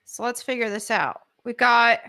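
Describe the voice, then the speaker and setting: An American woman streaming live from home, chatting excitedly as she unboxes collectible figures at her desk mic. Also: a little high, normal speed. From United States. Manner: excitable and gushing, with gasps and laughs.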